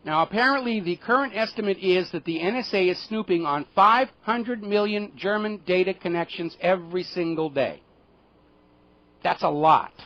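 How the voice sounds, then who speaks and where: A man's voice: high voice, normal speed, no room sound, lo-fi sound. A middle-aged American man hosting a radio talk show, editorializing solo with an indignant, sardonic manner.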